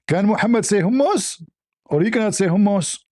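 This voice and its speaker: Man debating hard with a mellow voice. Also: high voice, expressive, moderate pace. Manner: argumentative, mocking, with frequent laughs; repeats points with rhetorical questions. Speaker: debate host. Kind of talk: online religious debate.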